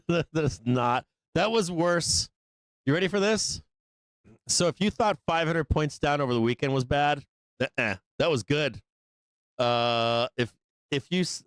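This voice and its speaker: A man's voice: fairly high pitch, a little slow, no echo. Swearing, laughing male trading host. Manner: profane, laughing, playfully mocking. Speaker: live trading stream host. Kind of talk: casual live market commentary.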